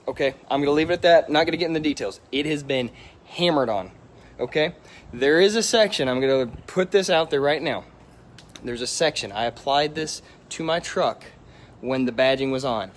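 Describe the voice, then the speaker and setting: A middle-aged man hosting a live stream, hyped and energetic, greeting viewers by name and repeating himself as he talks. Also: medium pitch, normal speed, a little hiss or hum. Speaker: auto detailer hosting a livestream.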